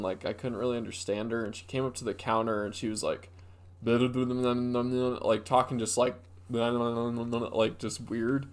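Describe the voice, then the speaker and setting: A young man co-hosting a podcast, telling a rambling story with lots of fillers in casual chat. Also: medium pitch. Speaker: podcast co-host.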